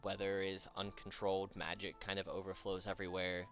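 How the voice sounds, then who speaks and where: A man acting as game master, narrating a tabletop game slowly with many pauses and fillers. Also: low-pitched, completely flat delivery, fairly bright tone, soft background music. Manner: slow, halting narration with fillers.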